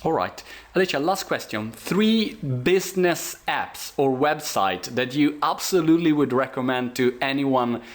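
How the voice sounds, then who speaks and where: A man with an Italian accent interviews a guest at a conference. His voice sits at an ordinary middle pitch. He asks his questions haltingly, reaching for the right English words. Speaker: interviewer, host. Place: conference venue.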